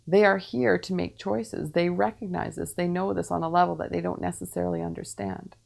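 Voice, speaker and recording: A woman speaking as a medium, giving channeled spiritual teaching in a measured way, repeating her phrases with calm pauses. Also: lowish voice, vocal fry.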